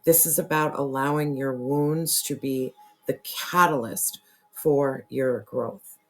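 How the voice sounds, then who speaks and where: A tarot reader losing their voice, who keeps clearing their throat and talks earnestly and repetitively straight to the viewer. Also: mid-range voice, steady tone, takes it slowly. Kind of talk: casual spiritual tarot reading to camera.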